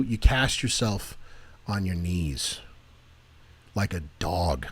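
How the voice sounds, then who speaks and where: A man co-hosting a Christian podcast in casual chat, jumping from animated joking to earnest preaching. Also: low voice, takes it slowly, pauses often, husky. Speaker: podcast co-host.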